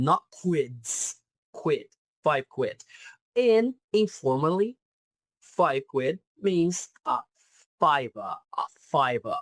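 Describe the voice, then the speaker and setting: Man with Brazilian Portuguese accent, English teacher, slow and deliberate, dry close sound, drills each word twice. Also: on the high side, a bit bright, dry recording. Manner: emphatic, repeats key words. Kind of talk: YouTube lesson on British slang.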